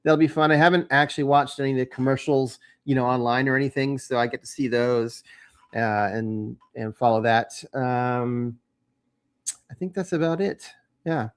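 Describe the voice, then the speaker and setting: A man's voice: medium pitch, normal speed, clear, resonant tone. A man hosting a homebrewing channel, talking casually to the camera in a rambling way, with lots of fillers and restarts.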